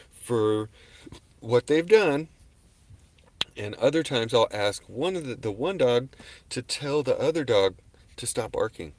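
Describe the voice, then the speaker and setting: A man hosting a casual livestream, talking in a rambling, laid-back, slangy way into his webcam. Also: mid-range voice. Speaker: livestream host. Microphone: webcam on a desk.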